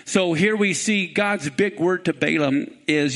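A male preacher delivering a sermon, animated and full of rhetorical questions to the congregation. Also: a little high, moderate pace, hardly any pauses.

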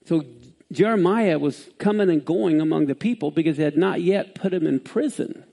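Animated preacher with a gravelly high voice. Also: male voice, moderate pace. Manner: animated scripture reading with sudden pitch jumps. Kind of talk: sermon.

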